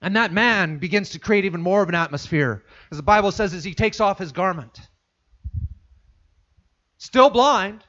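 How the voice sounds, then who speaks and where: High-voiced preacher telling a story. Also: male voice, expressive, moderate pace, pauses often, fairly bright tone, lo-fi sound. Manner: storytelling, repeating phrases for emphasis. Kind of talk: sermon.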